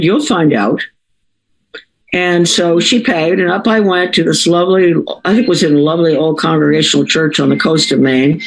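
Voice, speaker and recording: A woman's voice: on the low side, husky, poor audio. Older woman, ex-school board member, digressive storyteller who keeps correcting herself. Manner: rambling, digressive, self-correcting. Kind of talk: anecdotal personal storytelling.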